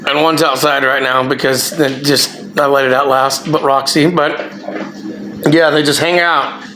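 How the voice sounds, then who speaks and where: A man's voice: mid-range voice, steady tone, measured pace, bright, forceful tone, roomy sound, soft background music, rough recording. A man hosting a casual vlog in a house, laid-back and joking as he talks to dogs. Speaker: vlog host. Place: house, dog sitting.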